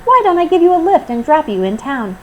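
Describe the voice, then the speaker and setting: A flustered, hurried lady from a children's storybook, exasperated and high-pitched, as a woman reads her aloud. Her lines jump up and down in pitch. Light hiss behind. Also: very animated, muffled recording. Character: flustered busy grown woman employer.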